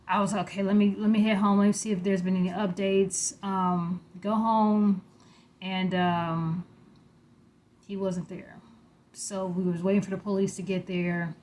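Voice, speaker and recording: A young adult woman casually telling a frightening personal story, growing animated and louder when alarmed. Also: measured pace, slight background noise. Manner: animated, rising in pitch and loudness when alarmed.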